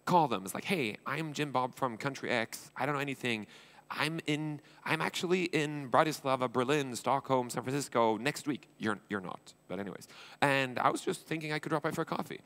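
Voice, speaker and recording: Fast-talking Swedish man on stage. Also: mid-range voice, fairly bright tone. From Sweden. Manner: fast, informal, acts out dialogues with quick swearing asides. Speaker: conference speaker, entrepreneur and investor. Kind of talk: conference keynote talk. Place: conference stage.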